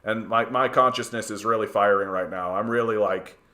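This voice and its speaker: A Canadian man hosts a political livestream in a fairly low, steady voice that sounds pushed and bright, at a normal speed. Reading chat and commenting, he talks heatedly, swears freely and stammers through many restarts.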